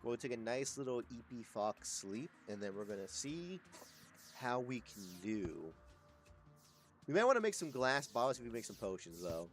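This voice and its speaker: Over faint background music, this sleepy, congested streamer talks through his game in a sing-song, mid-range voice at a moderate pace. His casual commentary is full of profanity as he keeps up a chat with his viewers.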